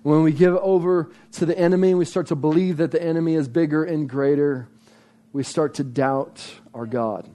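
Man preaching, kinda high voice, mellow, keeps repeating lines for punch. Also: steady tone, normal speed. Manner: emphatic, repeats phrases for effect. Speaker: pastor. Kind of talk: sermon.

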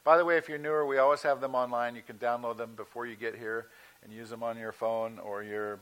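A male pastor giving a sermon in a conversational teaching manner, slowing down to stress key words. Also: mid-range voice, flat delivery, a bit bright, low-quality recording.

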